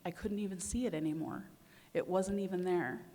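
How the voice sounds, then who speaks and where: A woman's voice: lowish voice, moderate pace, dark tone. A young adult woman giving a conference talk, telling a personal story and acting out her own inner voice with feeling. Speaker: conference speaker. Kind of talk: personal story told to an audience. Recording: long hall reverb.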